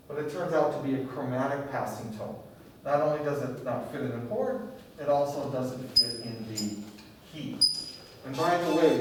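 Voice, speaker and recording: A man's voice: fairly high pitch, darkish tone. A man teaching a music theory class, lecturing and often checking in with his students with questions. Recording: echoey classroom from far off, faint noise.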